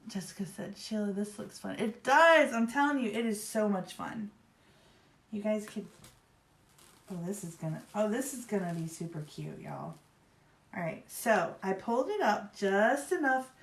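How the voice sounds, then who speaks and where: A woman hosts a live craft stream in an easy, rambling way, full of "y'all" and "like." Her voice sits at an ordinary middle pitch. It carries a noticeable room echo. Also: animated, measured pace. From Virginia, US. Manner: chatty, rambling, upbeat, says "y'all" and "like". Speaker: craft livestream host. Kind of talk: casual live craft demo chat. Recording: roomy echo.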